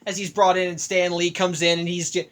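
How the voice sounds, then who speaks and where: A man's voice: high-pitched, flat delivery, a little fast, a bit bright. A young man casually recapping a film, rambling with frequent restarts and self-corrections.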